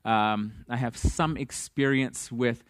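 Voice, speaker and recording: A man's voice: medium pitch, steady tone, slow, clear, resonant tone, dry recording, studio quality. A man preaching a sermon, telling stories and acting out the people in them. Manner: storytelling, acts out dialogue. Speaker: pastor.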